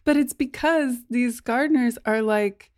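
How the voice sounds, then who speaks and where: A woman talking casually, animated and full of "like", acting out what she said to others. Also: measured pace, no room sound, clean studio sound. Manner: animated, acts out quoted exchanges in a higher voice, frequent "like". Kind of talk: casual conversation.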